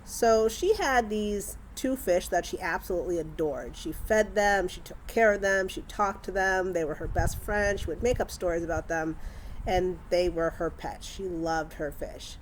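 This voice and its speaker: A woman's voice: fairly low pitch, moderate pace, slight background noise. Wry young woman telling family stories. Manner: wry, animated, acts out the dialogue. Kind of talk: casual anecdotal storytelling.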